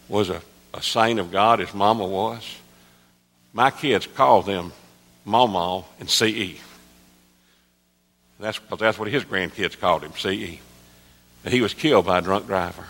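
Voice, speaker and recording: A man in his sixties, a pastor, preaching an earnest sermon that drops soft and low, then rises to emphatic calls. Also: gravelly. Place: church sanctuary. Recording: long reverb of a large hall.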